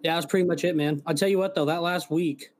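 A man's voice: a little high, steady tone, fast, darkish tone. A man co-hosting a podcast, chatting casually and rambling, swearing now and then. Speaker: podcast co-host. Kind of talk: casual chat.

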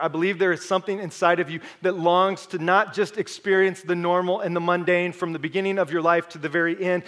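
High-voiced animated male pastor. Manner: animated storyteller, drops to soft earnest intensity. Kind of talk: sermon with personal storytelling.

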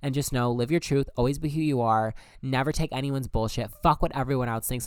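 A young man speaking in a smooth, clean voice, telling his own story in a candid, emphatic monologue. He swears freely, and the sound is dry and close. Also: mid-range voice, brisk, hardly any pauses, dry recording. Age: young adult. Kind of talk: personal monologue.

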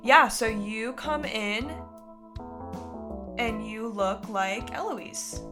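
A woman working as game master for a tabletop game, calling for dice rolls in a quick, stop-start way. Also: on the high side, over music.

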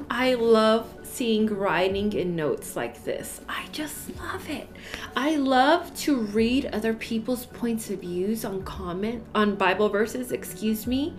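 A woman, crying as she shows old Bibles in a casual vlog, emotional and gushing, with frequent sighs. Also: medium pitch. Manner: emotional, tearful, sighing, gushing with joy. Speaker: Bible study channel host.

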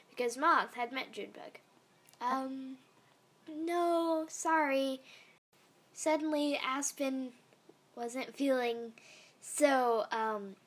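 Woman storyteller, high and slow, meandering fan story reading, casual asides. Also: a bit bright. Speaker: fan fiction reader.

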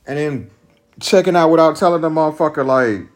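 A man's voice: on the high side, brisk. A man hosting a podcast alone, venting in a profane, rambling, agitated monologue about a breakup. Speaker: podcast host.

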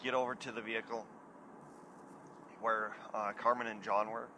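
A man's voice: fairly low pitch, level tone, normal speed, background noise. A man, hosting his own show and telling a casual story, chatty and laughing at himself now and then. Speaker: podcast host.

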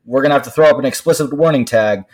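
Animated man telling parenting stories. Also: mid-range voice, very fast. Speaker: podcast co-host. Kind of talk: casual chat.

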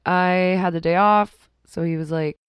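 A woman's voice: lowish voice, fairly even intonation, normal speed, smooth, no echo. A young woman co-hosting a podcast with her sister at home, chatting casually, laughing often and swearing easily. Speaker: podcast co-host. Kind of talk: casual chat. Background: cat in the room.

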